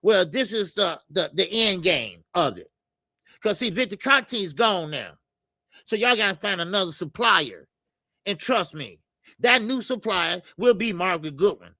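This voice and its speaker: Gravelly, high-voiced man hosting a boxing stream. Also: animated, measured pace, sharp tone, no echo. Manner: loose and profane, lots of filler stammers. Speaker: boxing show host. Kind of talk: casual live-stream chat reading comments.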